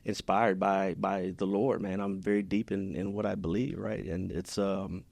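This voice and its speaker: A man's voice: deep voice, level tone, normal speed, vocal fry, darkish tone, no echo. A man from Houston, Texas, talking as a podcast guest in an earnest, heartfelt way, often restarting his sentences. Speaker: podcast guest, business owner. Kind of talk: casual interview chat.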